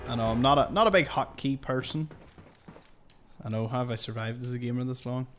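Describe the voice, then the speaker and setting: A man's voice: mid-range voice, a little fast, soft background music. A man giving chatty, joking let's-play commentary. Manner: chatty and jokey. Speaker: gaming youtuber.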